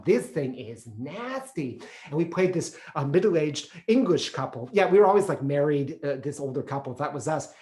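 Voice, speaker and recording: A man performing a solo theatrical monologue, animated and playful, acting out the people in his story. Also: fairly high pitch, reverberant. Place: theater stage.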